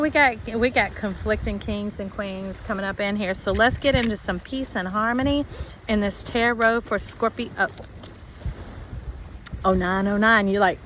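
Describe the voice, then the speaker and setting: Animated woman giving a tarot reading. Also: mid-range voice, moderate pace, slight background noise, poor audio. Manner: animated, acts out viewers' voices. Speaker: tarot reader.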